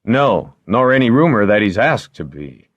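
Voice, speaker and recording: A man reading aloud and voicing a placid, dryly wry older lord who speaks in a calm, measured way. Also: fairly low pitch, no room sound, lo-fi sound, voice pushed up.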